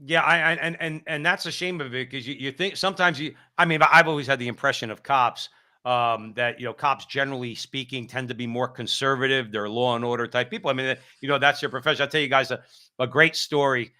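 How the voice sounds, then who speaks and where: A man in his fifties from New Jersey, hosting a political talk show and telling stories in an animated way, with many repeats and asides. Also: mid-range voice, brisk. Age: 50s. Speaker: host.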